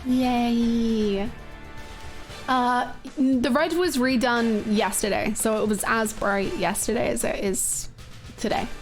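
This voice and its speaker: A woman's voice: fairly high pitch, slow pace, soft background music. A woman streaming a game, chatting casually and greeting viewers, her voice a bit scratchy, laughing often.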